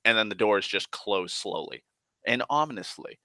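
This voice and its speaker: Low-ish guy rambling thru a d&d story, swears a lot, tons of "like", bright edgy voice. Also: lively intonation, normal speed, no echo. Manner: rambling, profane, heavy on "like" fillers and restarts. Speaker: tabletop game player recounting a session. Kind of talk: casual spoken storytelling.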